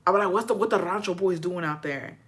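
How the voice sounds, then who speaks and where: Speaking quickly and on the low side, a woman from Texas hangs out with her livestream audience, gossiping, swearing openly, and sprinkling Spanish into her English.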